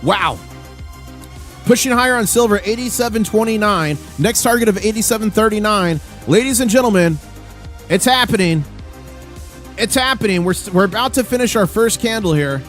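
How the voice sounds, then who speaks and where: A man's voice: high voice, expressive, normal speed, a bit bright, faint music behind. A man hosting a live stream, calling out gold and silver prices in a hyped, auctioneer-like rush. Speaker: livestream host. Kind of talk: live market commentary.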